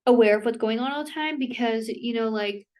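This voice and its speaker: A woman talking casually to camera in a rambling, self-interrupting way, filling her speech with "like" and quick apologies, with laughs between thoughts. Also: fairly high pitch, darkish tone. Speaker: vlogger. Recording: voice somewhat distant from the mic.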